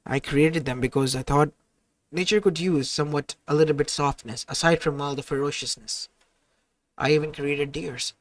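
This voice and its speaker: A man voicing a gentle, confused young male titan in an improvised fan-fiction audio story, with a hesitant, stammering delivery. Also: a little high, fairly even intonation, moderate pace, natural voice. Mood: earnest.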